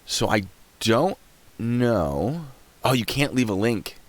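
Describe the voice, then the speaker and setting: A young man giving casual live-stream commentary, chatty and quick to laugh, often trailing off while he clicks around. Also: medium pitch, expressive. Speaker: streamer reacting to videos and chat.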